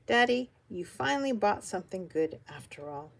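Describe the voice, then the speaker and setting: A woman reading a storybook aloud and voicing a stubborn little girl who whines loudly. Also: sing-song, normal speed, gravelly. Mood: sweet. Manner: high, loud and whiny.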